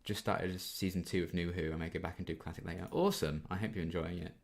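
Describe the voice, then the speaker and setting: Low-voiced young man answering viewer questions. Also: fairly even intonation, fast talker, vocal fry. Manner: chatty and easygoing, frequent ums. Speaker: YouTube reaction channel host. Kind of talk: casual Q&A reading out viewer questions.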